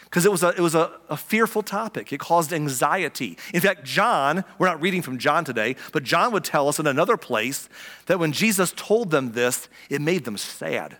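A man preaching a sermon in a relaxed, conversational way, acting out little quoted reactions as he explains a passage. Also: a little high, moderate pace. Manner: conversational, animated, acts out quotes. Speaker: pastor. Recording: long reverb of a hall.

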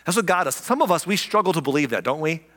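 A man preaching a sermon as pastor, animated and conversational, repeating key lines for emphasis. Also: fairly high pitch, quick pace, long reverb tail.

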